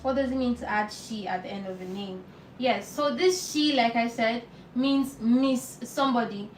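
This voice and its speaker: Woman teaching, repeating words slowly. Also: on the high side, recorded from a distance. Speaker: Korean language teacher. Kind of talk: live online language lesson. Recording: roomy echo, off-mic, faint noise.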